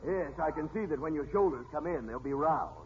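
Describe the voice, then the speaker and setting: A man's voice: on the high side, animated, close to an everyday voice. A man playing a wisecracking police doctor. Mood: brisk. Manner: brisk, wisecracking. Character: brisk middle-aged police doctor, dry wit. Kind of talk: 1940s radio comedy acting. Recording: dull old radio broadcast with hiss.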